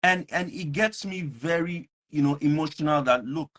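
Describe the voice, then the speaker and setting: A man's voice: on the high side, moderate pace, a bit bright. A man hosting an online talk show, speaking earnestly and emphatically, often repeating himself. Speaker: host.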